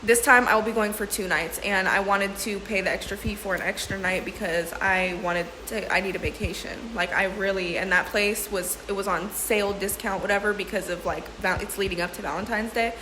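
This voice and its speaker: A woman's voice: mid-range voice, fairly even intonation, brisk, hardly any pauses, noisy background. A young woman talking casually to her vlog audience, emotional and slangy, often calling people "bro.". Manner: emotional, laughing through tears; slangy, says "bro" and "sis". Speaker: vlogger. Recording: echoey room with faint ambience.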